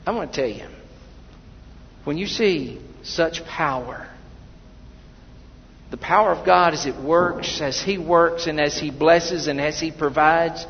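A man's voice: on the high side, slow pace, long pauses, slight background noise. Man, pastor, folksy conversational sermon, restarts his sentences, echoey church, muffled sound. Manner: conversational preaching with personal stories and repeated restarts.

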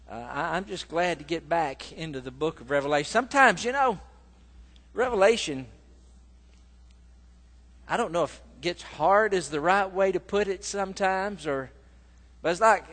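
A man's voice: on the high side, fairly bright tone, long reverb tail. A man preaching a sermon as pastor, telling a folksy story with lots of fillers, then reading scripture.

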